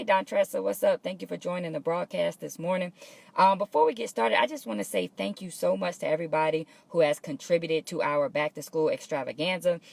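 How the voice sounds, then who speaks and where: A woman hosts a live morning pep talk from her workplace, chatty and upbeat as she greets viewers by name. Her voice sits a little low with a gravelly edge, and the sound is dry and close. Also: dry recording. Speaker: host of a morning motivational live show. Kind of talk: casual motivational talk to a live audience.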